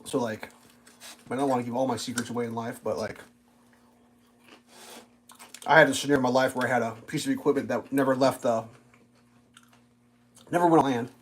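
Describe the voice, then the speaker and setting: A man's voice: medium pitch, fairly even intonation, a little fast, pauses often, a little hiss or hum, rough recording. A young adult man chatting casually on a livestream, telling rambling, profane stories and acting out quoted voices. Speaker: livestream host. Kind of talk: casual live-stream chat.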